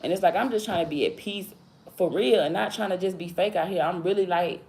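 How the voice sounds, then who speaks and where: Her pitch fairly low and her delivery brisk and a little mellow, this thirtysomething woman livestreams in casual slang, frequently checking "you feel me?" The recording has an echoey room and faint background noise.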